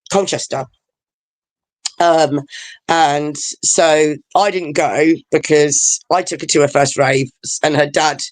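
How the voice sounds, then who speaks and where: A woman's voice: low voice, a little mellow, dry recording. A woman, chatting over a video call as a guest, rambling and emotional with many fillers.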